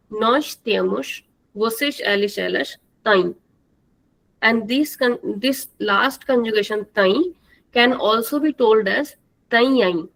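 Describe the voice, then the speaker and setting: A woman teaching a live online language class, slow and patient, repeating words for the students to drill. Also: fairly high pitch, gravelly, low-quality recording.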